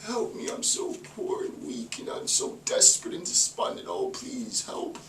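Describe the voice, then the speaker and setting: A man putting on the soft, breathy, whining voice of a desperate beggar pleading for help. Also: moderate pace, close to an everyday voice. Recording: roomy, distant mic, faint noise.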